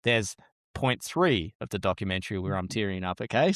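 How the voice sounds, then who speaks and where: Blunt podcast host, dry sound. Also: male voice, fairly low pitch, expressive, brisk, fairly bright tone, no room sound. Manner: blunt, jokey, swears freely. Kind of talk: casual podcast chat.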